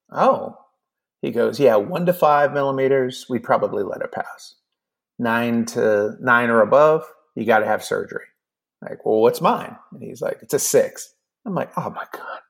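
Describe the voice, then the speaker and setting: A man's voice: medium pitch, vocal fry. A man in his fifties, a podcast guest, telling a personal story casually and acting out both sides of a conversation. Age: 50s.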